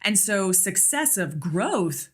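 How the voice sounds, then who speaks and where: An American nurse practitioner and clinic owner guests on a podcast in a casual interview chat, speaking candidly and relaxed with lots of fillers. Her medium-pitched voice is husky, sing-song and slow.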